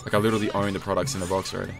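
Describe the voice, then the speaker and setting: A man's voice: sits low, level tone, racing, gravelly. A man chatting casually while streaming a game, joking at his own expense. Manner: chatty, self-deprecating banter. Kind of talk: casual gaming stream chat. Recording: game music underneath.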